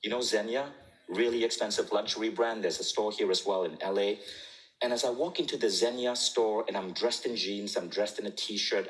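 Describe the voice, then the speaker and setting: A man in his forties with a lowish voice speaks on stage to a live audience. He tells stories with animation, often chuckling. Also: fairly bright tone, low-quality recording. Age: 40s. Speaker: keynote speaker. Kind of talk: storytelling talk on stage.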